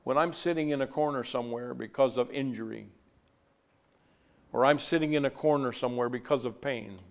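A man preaching a sermon, swinging from loud, emphatic declarations to soft, hushed passages and stretching key words slowly for emphasis. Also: medium pitch, creaky. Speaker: pastor.

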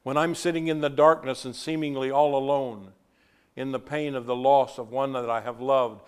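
A man preaching a sermon, swinging from loud, emphatic declarations to soft, hushed passages and stretching key words slowly for emphasis. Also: mid-range voice, little pitch movement, clean tone. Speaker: pastor.

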